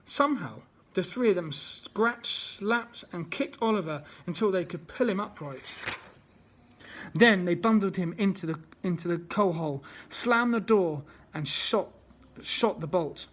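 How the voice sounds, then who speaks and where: A man's voice: high voice, unhurried, a bit bright. A man reading a children's book aloud as a storyteller, unpolished and often restarting.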